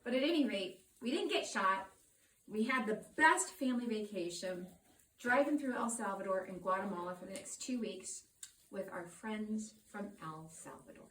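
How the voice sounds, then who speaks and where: A middle-aged woman telling a personal story to a live audience, lively, acting out the people and sounds in it. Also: mid-range voice, moderate pace, slight background noise. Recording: roomy sound from a distant mic.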